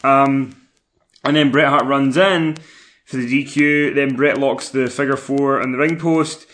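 A man's voice: mid-range voice, steady tone, unhurried, a bit bright. Guy cohosting a podcast, dry and understated. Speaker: podcast co-host. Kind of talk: casual chat recapping wrestling.

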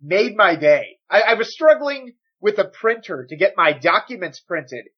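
Husky, animated podcast co-host. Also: male voice, high voice, unhurried, muffled recording. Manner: animated, swearing, joking. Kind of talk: casual chat.

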